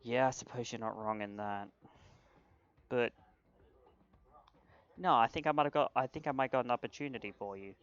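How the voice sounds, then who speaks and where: A short, brisk boss woman, as a man puts her on in a tabletop role-play game, talking business and coaxing a runner back to work. The voice sits at an ordinary middle pitch. The sound is dull and lo-fi. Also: smooth, close to an everyday voice. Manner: brisk, coaxing recruiter talk.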